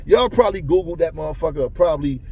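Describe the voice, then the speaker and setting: A man's voice: on the high side, lively intonation, quick pace, vocal fry, a little mellow. A man delivering a heated, profane rant about boxing to his viewers, often stumbling and repeating words. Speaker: boxing commentator. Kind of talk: ranting monologue to viewers.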